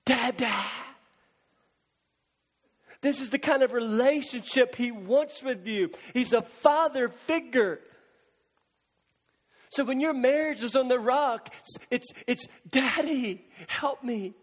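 A man preaching a sermon, impassioned, swinging from loud pleading cries to hushed, near-whispered lines. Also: extremely high pitch, slow pace, long pauses, big-room sound. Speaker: pastor.

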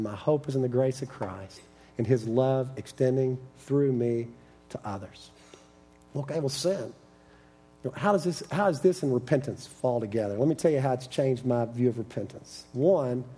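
A middle-aged man preaching a sermon, telling personal stories with animated quoted dialogue in an earnest manner. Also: medium pitch, husky. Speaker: preacher teaching on repentance.

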